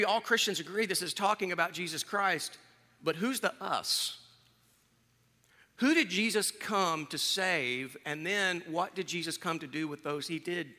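A man's voice: on the high side, sharp tone, in a large hall. A man in his fifties, a pastor, giving a candid, conversational sermon in a church. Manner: candid, conversational, self-deprecating. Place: church sanctuary.

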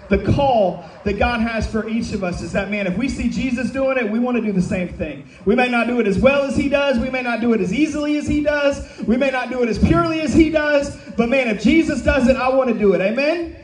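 A man's voice: very high-pitched, normal speed. A man, a pastor, preaching a sermon with emphatic calls to the congregation. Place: church sanctuary. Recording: echoey hall, mic from a distance.

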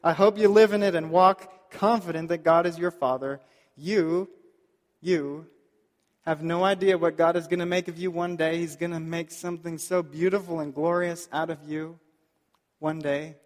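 A man preaching a sermon as pastor, earnest and pleading, slowing down to stress key points. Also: fairly high pitch, fairly even intonation, big-room sound. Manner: earnest, pleading, slows down for emphasis.

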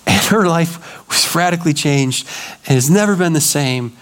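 Animated higher-voiced male pastor. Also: normal speed. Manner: animated storytelling, acting out quoted voices. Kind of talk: sermon.

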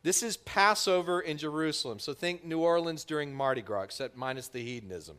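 A man preaching a sermon, telling the story with lively voices for its characters. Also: on the high side, fairly quick. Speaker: pastor.

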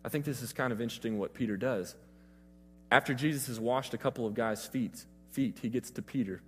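A man's voice: medium pitch, a little fast, a bit bright, long reverb tail, soft background music. A man preaching a sermon, retelling scripture in a casual, conversational way.

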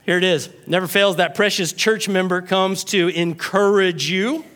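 A middle-aged man preaching a sermon as a pastor, animated and joking, acting out quoted voices. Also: high voice, normal speed.

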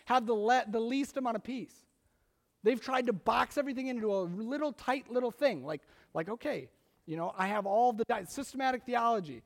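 A male pastor delivers a casual, animated sermon in a high voice. A gravelly fry runs through his words, and he often restarts his phrases mid-thought. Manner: conversational and animated, with frequent restarts.

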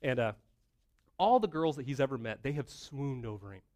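A middle-aged male pastor preaching a conversational sermon, animated and full of rhetorical questions. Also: mid-range voice, normal speed.

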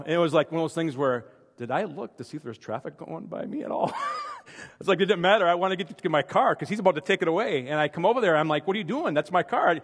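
A man's voice: a little high, long reverb tail. A man preaching a conversational sermon, telling personal stories in a chatty, self-deprecating way with frequent restarts.

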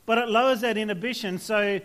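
A man's voice: high-pitched, fairly even intonation, fairly quick, fairly bright tone, clear, resonant tone. A man preaching a casual, conversational sermon to young people, telling stories and checking in with the listeners. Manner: conversational, anecdotal, frequent restarts and tag questions.

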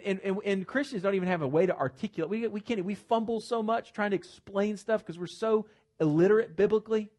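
A man preaching a sermon to his congregation, emphatic and animated, with joking asides and repeated words at the starts of phrases. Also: sits high. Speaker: pastor. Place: church sanctuary with congregation.

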